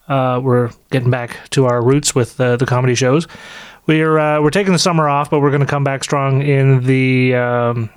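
A man talking casually about his company's upcoming comedy shows, measured and full of small fillers. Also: medium pitch, steady tone, clear, resonant tone, no echo. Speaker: comedy show producer guest. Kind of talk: casual promotional chat.

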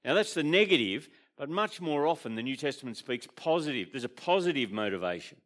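An Australian man gives a sermon at an ordinary middle pitch. He speaks conversationally and checks in with the congregation as he explains each point, with the odd filler and restart. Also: big pitch swings, fairly quick, a bit bright. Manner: conversational, asks the congregation questions. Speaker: pastor.

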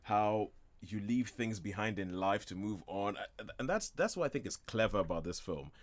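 A man with a slightly low voice rambles eagerly about a film, full of false starts and quick laughs. The sound is dry and close, with no room echo at all. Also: lively intonation. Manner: enthusiastic, rambling, laughs often. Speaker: film reviewer on a radio show. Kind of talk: casual chat.

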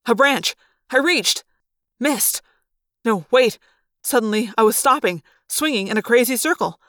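Female narrator for a storybook read-aloud, expressive and measured, dry close sound. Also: fairly high pitch, no echo. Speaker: reader.

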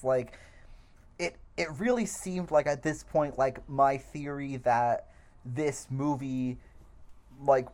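A podcast co-host with a middle-pitched voice analyzes a movie in relaxed chat. The talk is halting and thoughtful, padded with fillers while ideas form. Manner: thoughtful, hedging with many fillers. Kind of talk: casual film discussion.

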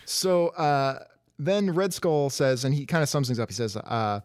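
A man's voice: mid-range voice, lively intonation, a little slow, clean tone, dry recording, clean studio sound. Jokey guy hosting a comics chat. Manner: jokey, rambling, swears casually. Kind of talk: casual chat.

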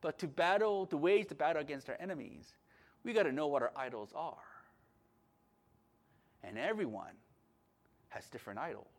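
A man preaching a sermon with passion, at times loud, at times calm. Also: on the high side, normal speed, pauses often. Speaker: pastor.

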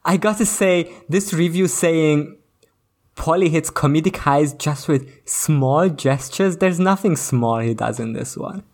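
A man's voice: on the high side, unhurried, a little mellow. A man co-hosting a comedy movie review podcast, riffing on bits, laughing often and swearing freely. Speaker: podcast co-host.

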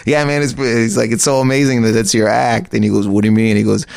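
A man, a stand-up comedian, telling animated stories in a casual chat, laughing as he talks. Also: medium pitch, fast, gravelly, no echo, studio quality.

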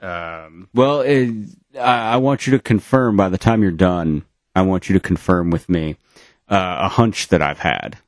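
Podcast co-host, male, deep and dry, loose rambling delivery with lots of ums. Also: measured pace, no echo. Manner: rambling, many fillers and restarts. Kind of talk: casual chat. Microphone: remote call.

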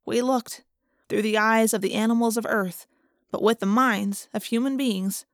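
A woman reading a first-person audiobook in a steady, measured storytelling voice. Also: on the high side, no room sound, studio quality. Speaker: audiobook narrator.

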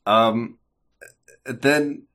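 A man's voice: medium pitch, extremely slow, sharp tone. A man co-hosting a podcast, chatting loosely and joking about an episode, swearing freely. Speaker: podcast co-host. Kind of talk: casual recap chat.

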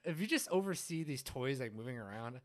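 Fast-talking man in casual chat. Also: medium pitch. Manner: relaxed, heavy use of filler words. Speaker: podcast co-host. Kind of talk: casual conversation.

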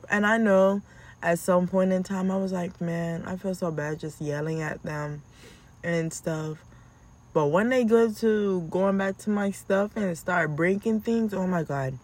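Woman, mother of two, slow and unhurried vlog storyteller with a lilt, lower voice. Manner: animated, acts out her own yelling in a high voice.

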